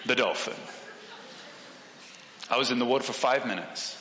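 Animated preacher in an echoey hall. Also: male voice, mid-range voice, fast talker. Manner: animated storytelling, acts out voices. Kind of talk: sermon with personal story. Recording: echoey hall with long reverb.

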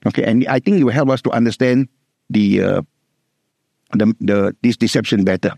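A man's voice: on the low side, creaky, warm tone, dry recording. Emphatic Singaporean man preaching. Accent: Singaporean English. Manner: emphatic, repeats key words, slows down to stress scripture. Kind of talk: sermon.

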